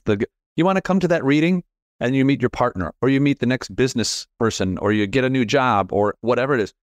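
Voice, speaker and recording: A man's voice: mid-range voice, no echo, studio quality. Rambling middle-aged male podcast host. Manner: rambling, animated, self-deprecating. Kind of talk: casual conversational interview.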